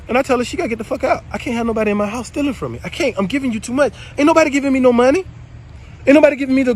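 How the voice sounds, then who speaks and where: A man casually telling viewers a story, animated and swearing freely, swinging between loud and low. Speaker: spiritual video creator.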